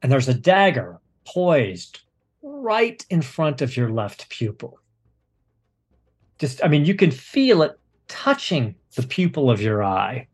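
A man narrating a tabletop game as game master, unhurried and descriptive. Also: mid-range voice, sing-song, breathy edge.

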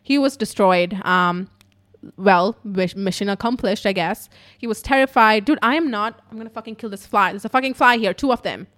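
A young woman telling a story in a casual, profane, animated way at home in her apartment. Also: mid-range voice, normal speed.

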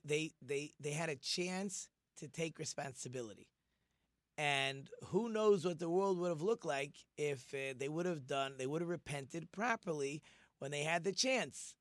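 A man teaching an informal Torah lesson, animated and acting out the quoted speech of the figures he discusses. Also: high voice, no room sound, clean studio sound. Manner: animated, acts out quoted speech in different voices.

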